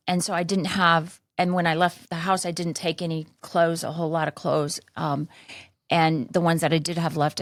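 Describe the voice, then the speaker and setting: A woman in her fifties tells a candid personal story on her podcast, rambling along with frequent restarts and fillers. Her voice sits fairly low. The recording is dry and close, with no echo. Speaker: podcast host.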